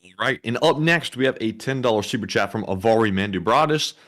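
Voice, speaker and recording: A man co-hosts a casual livestream and reads out viewer messages. His delivery is steady and matter-of-fact, at a middle pitch for a man. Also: fairly quick. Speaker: co-host reading donations.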